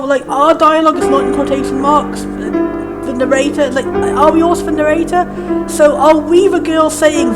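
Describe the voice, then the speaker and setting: A woman hosting a casual game playthrough, chatting in a rambling way and reading the game's text aloud in a lower, solemn tone. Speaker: let's play host. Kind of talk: casual gameplay commentary.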